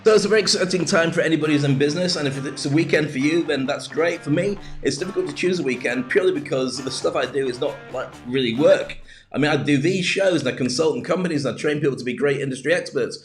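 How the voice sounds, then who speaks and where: A man's voice: on the high side, quick pace, faint music behind. A man hosting a casual live business show, talking in a chatty, rambling way with jokey asides. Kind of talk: casual livestream monologue. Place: home in the UAE.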